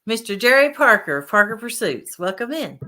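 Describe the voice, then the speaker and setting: A woman's voice: on the high side, big pitch swings, a little fast, bright, forceful tone. A woman hosting a casual fishing livestream, reading out chat names and greeting viewers. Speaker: livestream host.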